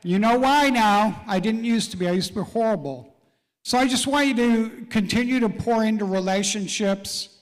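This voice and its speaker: A man's voice: sits high, moderate pace. A middle-aged man hosting a live real estate event, folksy and encouraging as he calls out people in the audience by name. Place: large event hall. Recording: reverberant event hall.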